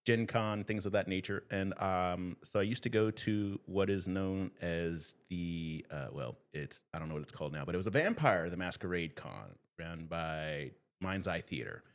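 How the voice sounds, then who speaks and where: Male podcast guest: low, expressive voice, animated anecdote delivery. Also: moderate pace, hardly any pauses. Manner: animated, laughing storyteller. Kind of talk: casual storytelling.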